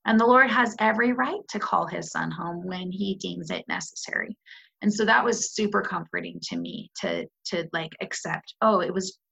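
A woman's voice: lowish voice, sing-song, normal speed, gravelly, fairly bright tone, husky. A woman in her thirties speaking candidly as a podcast guest, reflective, with many fillers and restarts. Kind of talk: personal conversation about grief. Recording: muffled lo-fi podcast audio.

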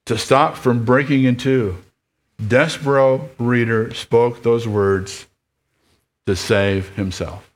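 A man's voice: mid-range voice, fairly even intonation, takes it slowly. A male pastor preaching a sermon who reads a story aloud and speaks to his listeners in an earnest, reflective way.

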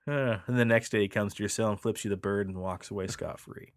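A man's voice: lowish voice, fairly even intonation, fast talker, dry recording, studio quality. A man co-hosting a casual podcast, retelling folklore in a laid-back, rambling way. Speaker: podcast co-host. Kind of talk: casual storytelling chat.

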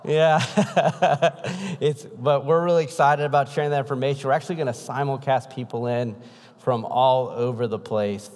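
A man's voice: mid-range voice, darkish tone. Casual preaching man in a reverberant hall. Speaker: pastor. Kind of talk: sermon.

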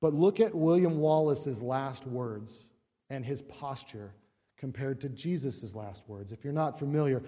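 A man's voice: mid-range voice, warm tone. A middle-aged male pastor preaching a sermon in a conversational way, full of rhetorical questions and acted-out quotes. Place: church sanctuary. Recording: long church reverb.

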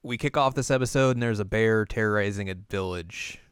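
A man co-hosting a casual anime recap podcast, joking as he acts out characters in quick asides. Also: lowish voice, clear, resonant tone, no room sound. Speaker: podcast co-host.

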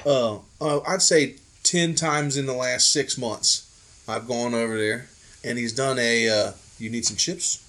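A man's voice: medium pitch, a little slow. A man, a podcast host, telling a story in casual chat, swearing freely and acting out the dialogue. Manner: animated, profane, acts out dialogue.

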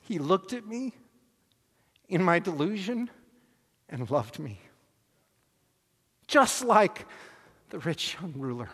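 A man preaching, telling a personal story with animated, self-deprecating humor and acting out scenes. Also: high voice, takes it slowly, pauses often, husky, long reverb tail. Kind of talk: sermon storytelling.

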